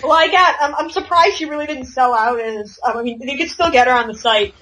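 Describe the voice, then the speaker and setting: A woman's voice: high voice, fairly quick, pushed and bright, a little hiss or hum, poor audio. A young woman co-hosting a podcast in casual chat, rambling and repeating her words. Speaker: podcast co-host.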